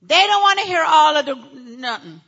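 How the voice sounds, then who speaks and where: A woman pastor teaching a church audience about marriage, animated and acting out how people complain. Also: very high voice, a little fast, highs cut off.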